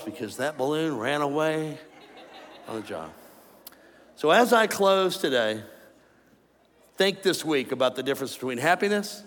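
A man preaching a sermon to a congregation, animated and joking with the crowd. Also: medium pitch. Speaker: pastor. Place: large church auditorium. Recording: long hall reverb, faint ambience.

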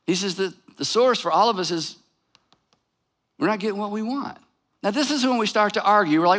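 Male pastor, middle-aged, animated sermon delivery, acts out quarrels; high, ringing tone. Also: fairly quick, long pauses. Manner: animated, acts out both sides of imagined arguments.

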